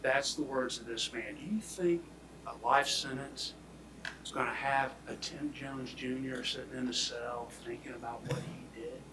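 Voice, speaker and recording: A man delivers a prosecutor's closing argument, speaking emphatically and swinging between loud declarations and hushed near-whispers. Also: mid-range voice, fairly even intonation, moderate pace, background noise. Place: courtroom. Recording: echoey courtroom audio from far off.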